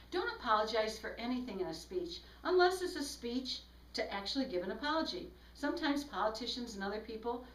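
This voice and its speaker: A woman's voice: on the high side, fairly bright tone, distant mic. A woman speech instructor giving a recorded lecture, explaining tips and demonstrating examples aloud. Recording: echoey room, voice from off-mic.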